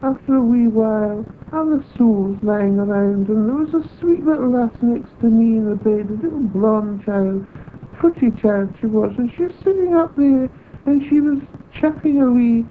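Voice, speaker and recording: A woman tells her story at an unhurried pace, slipping into the voices of the people she remembers. Her voice sits fairly high, and the recording is tinny and phone-like, with a faint hiss underneath. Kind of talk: recounting a personal experience. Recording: tinny phone-like old tape.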